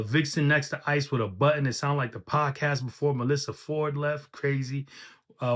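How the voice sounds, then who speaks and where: A man's voice: medium pitch, fairly bright tone. A man giving a casual recap of a battle rap match, quoting bars and reacting with short verdicts. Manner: laid-back, quotes bars then reacts with short verdicts.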